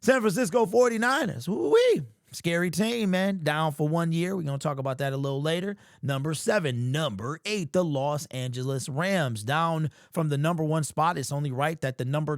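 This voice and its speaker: A man hosting a sports fan vlog, talking in casual, animated commentary with slangy, emphatic exclamations. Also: a little high, dry recording, studio quality. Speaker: sports fan channel host.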